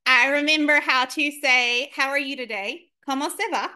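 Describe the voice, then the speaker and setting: A woman teacher leading a lesson for children, upbeat and encouraging, modeling words slowly and clearly. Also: high voice, steady tone, pushed and bright.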